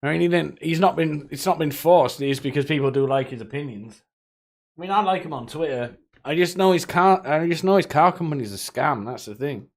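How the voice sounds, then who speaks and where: A man's voice: a little high, a little fast. A man streaming live, chatting casually with viewers in a rambling, profane way, often laughing to himself.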